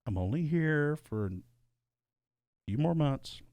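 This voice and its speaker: A man's voice: on the high side, lively intonation, slow pace, darkish tone, dry recording. A man co-hosting a podcast in casual chat, rambling and restarting his words, recorded in a small soundproofed studio. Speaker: podcast co-host.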